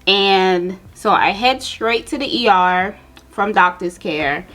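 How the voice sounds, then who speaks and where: A young woman talks straight to her viewers in a relaxed, chatty way, mixing a personal story with makeup steps. Her voice sits at an ordinary middle pitch, animated and conversational. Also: slow. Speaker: beauty vlogger. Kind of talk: casual storytelling while doing makeup.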